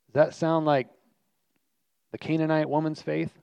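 A man's voice: medium pitch, moderate pace, vocal fry, darkish tone, dry recording. A man preaching a sermon as pastor, earnest and emphatic, repeating his key lines for weight. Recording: dry, slightly muffled recording.

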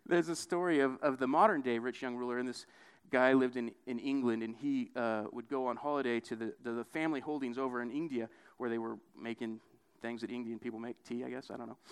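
Here a young man preaches in a relaxed, talky style, often adding "right?" at the end of his points. When he quotes people, he acts them out with sharp pitch leaps.

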